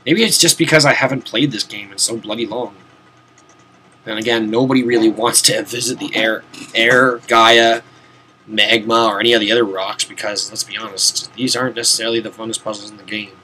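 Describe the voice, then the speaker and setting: Talking fast in a lowish, pushed, bright voice with fairly even intonation, this young VTuber rambles through casual commentary while gaming at his desk at home. He sounds tired and yawns, mutters to himself, and occasionally swears, with slight background noise present.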